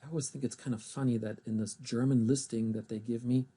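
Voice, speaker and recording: A man teaching German, spelling out abbreviations and pronouncing German words slowly and carefully between English explanations. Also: mid-range voice, fairly even intonation, dark tone, slightly rough. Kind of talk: recorded language lesson.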